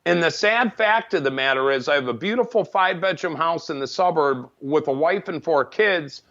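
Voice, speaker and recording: A man's voice: fairly high pitch, moderate pace, fairly bright tone. A middle-aged man, a podcast guest, telling his recovery story in a candid, matter-of-fact way with frequent restarts. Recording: dull lo-fi podcast audio.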